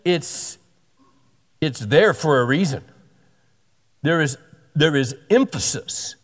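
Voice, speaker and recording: A man's voice: on the high side, animated, slow. Earnest preaching man in a reverberant hall. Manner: earnest, conversational preaching with repetitions and restarts. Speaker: pastor. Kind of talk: sermon.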